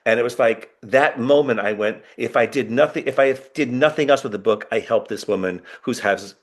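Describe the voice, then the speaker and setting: A man's voice: mid-range voice, normal speed. A man talking as a podcast guest author, telling heartfelt stories with many restarts. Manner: emotional storyteller, many restarts. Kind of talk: podcast conversation.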